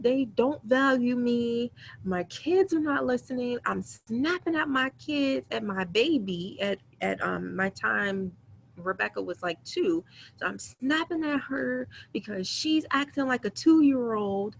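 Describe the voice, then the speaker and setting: With a mid-range, gravelly, fairly bright voice, a woman in her thirties hosts a webinar and candidly shares her own story with real emotion. Quick self-quotes pepper her talk, and her computer mic picks up slight background noise.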